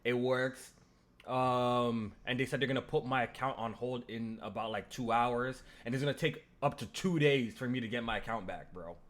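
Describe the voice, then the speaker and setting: Male podcast host, casual and animated, heavy slang. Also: mid-range voice, moderate pace. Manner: animated, swearing, storytelling. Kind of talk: casual gaming podcast chat.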